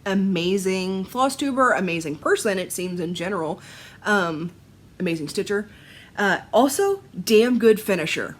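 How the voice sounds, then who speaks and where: A woman chatting from a chair at home for her vlog, with a husky, slightly breathy voice in a middle register. She talks in an excitable, meandering way, breaking into laughter as she goes. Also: mid-range voice, normal speed. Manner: excitable, laughs often, rambling asides. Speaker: Flosstube vlogger.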